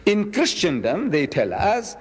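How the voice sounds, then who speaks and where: A man in his seventies giving a public religious lecture, emphatic, repeating key words and slowing down to quote verses. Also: high voice, wildly swooping pitch, big-room sound. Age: 70s.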